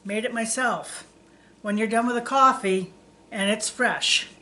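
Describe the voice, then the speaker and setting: A woman's voice: on the high side, measured pace, sharp tone. A woman voicing a kindly old male gas station owner who talks in a folksy, plain-spoken way in a read-aloud story.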